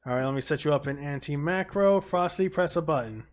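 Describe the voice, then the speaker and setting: A man's voice: fairly high pitch, fairly quick. A man hosting a casual gaming stream, swearing casually as he directs players. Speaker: stream host.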